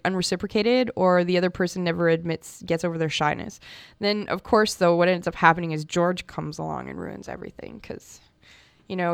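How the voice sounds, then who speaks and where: A woman's voice: fairly low pitch, clean tone, no echo, studio quality. A woman hosting a radio show about comics, chatting casually and enthusiastically with fillers and restarts.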